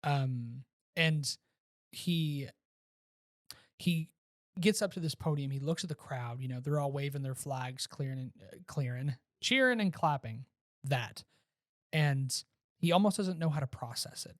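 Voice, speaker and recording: A man co-hosting a casual movie-review podcast, retelling scenes in an animated way and often restarting his sentences. His voice sits at a middle pitch and is recorded close and dry, with no room sound. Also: unhurried, no echo. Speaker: podcast co-host.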